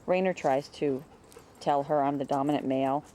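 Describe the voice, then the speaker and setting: A woman talking casually about her dogs in her yard, chatting away and calling to them in a high sing-song. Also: steady tone, normal speed, mellow, slight background noise. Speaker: dog breeder. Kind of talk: casual home video narration.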